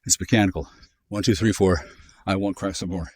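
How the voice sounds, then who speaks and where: Low-voiced man in his fifties, sardonic profane vlogger on a walk, jumpy delivery. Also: fairly even intonation, a little fast, no echo. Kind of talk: rambling monologue while walking. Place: outdoors in a neighborhood.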